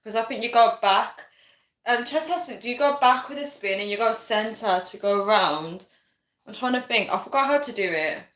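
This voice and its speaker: A woman's voice: on the high side, normal speed, fairly bright tone. A young woman, hosting a casual livestream and chatting, giggling and reading viewer comments aloud. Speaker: livestream host. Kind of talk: casual live chat. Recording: echoey room.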